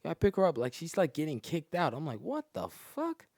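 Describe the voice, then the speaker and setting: A man's voice: fairly high pitch, animated, quick pace, a little mellow, dry recording, clean studio sound. A young man, a comedian telling crude, boastful stories full of slang and laughing at his own jokes. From Atlanta area, Georgia. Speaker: comedian guest. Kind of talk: crude storytelling.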